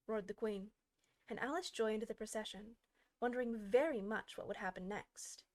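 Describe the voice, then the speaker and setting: A woman reading a classic children's book aloud as an audiobook, with expressive, varied pacing. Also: mid-range voice, normal speed. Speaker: audiobook reader. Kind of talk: scripted audiobook narration.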